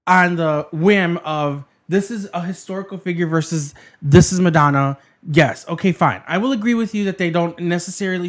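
Animated man in a heated casual debate. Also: sits high. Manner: animated, profane, defensive.

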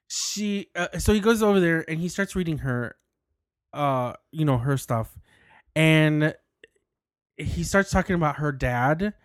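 Chatty man, slightly high voice. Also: expressive, measured pace, clear, resonant tone, no room sound, studio quality. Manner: chatty storyteller, laughs often, rambling restarts. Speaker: podcast co-host. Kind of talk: casual chat. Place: indoor recording studio.

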